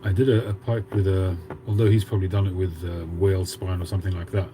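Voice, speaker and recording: Man in his fifties, Cockney accent, very low voice, casual chatty livestream host, noisy background. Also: level tone, quick pace, warm tone. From England. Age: 50s. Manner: chatty, reads out viewer comments. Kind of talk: casual livestream chat with viewers.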